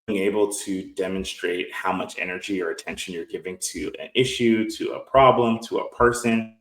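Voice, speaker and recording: Late-30s man, low-pitched, earnest podcast guest, roomy echo. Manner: reflective, earnest, quotes others in quick bursts. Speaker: guest entrepreneur. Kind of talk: conversational podcast interview. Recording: echoey room.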